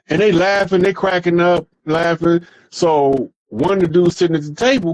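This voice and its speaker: In a dry recording, a podcast speaker with a high male voice talks at a moderate pace. His monologue is casual and full of profanity, a string of street stories hammered home with heavy emphasis.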